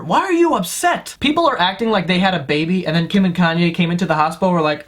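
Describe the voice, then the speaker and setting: A man's voice: high-pitched, expressive, quick pace, few pauses. A man delivering a comedic rant monologue, swearing and sounding exasperated as he argues his points. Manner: profane, exasperated ranting.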